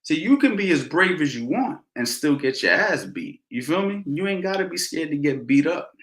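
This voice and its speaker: A middle-aged man, a boxing coach, telling stories in a casual Q&A, animated and slangy, repeating phrases for emphasis. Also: a little high, moderate pace. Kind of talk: casual Q&A storytelling. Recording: roomy echo.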